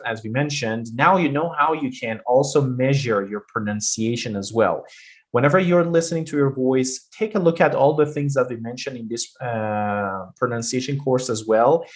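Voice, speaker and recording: Patient male pronunciation teacher. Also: medium pitch. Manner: patient, repeats points with fillers and restarts. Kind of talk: online lesson explaining.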